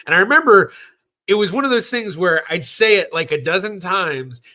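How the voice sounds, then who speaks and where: A man's voice: sits high, expressive, moderate pace, sharp tone. A man from Southern California hosting a genealogy livestream, talking casually and rambling with fillers and self-corrections as he answers viewer questions.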